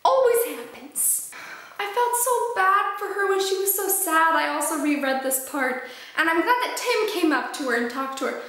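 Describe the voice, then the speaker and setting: A young woman giving a gushing, excitable book review in casual talk. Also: very high-pitched, normal speed. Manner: gushing, excitable, lots of fillers. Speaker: book vlogger. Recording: very echoey room.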